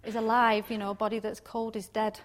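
A woman giving an informal devotional talk on scripture, chatty and quick to laugh, often ending points with little questions. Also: fairly high pitch, flat delivery. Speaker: Bible teacher.

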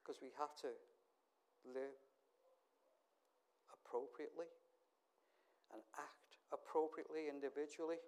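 A middle-aged man from England preaching a sermon, telling stories and swinging from hushed asides to loud, emphatic calls. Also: mid-range voice, fairly even intonation, normal speed.

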